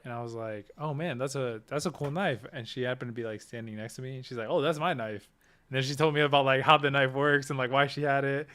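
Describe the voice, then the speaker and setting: A man joins a podcast and recounts things in an easygoing, chatty way. His pitch sits in a middle range. His delivery stays relaxed and conversational. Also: quick pace, few pauses, clean tone. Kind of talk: casual chat.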